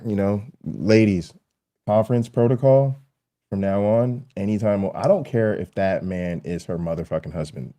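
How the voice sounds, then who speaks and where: Fast, dark-voiced man ranting profanely. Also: sits low. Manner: profane, emphatic, repeats his points. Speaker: show host and college lecturer. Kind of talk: heated rant to the audience.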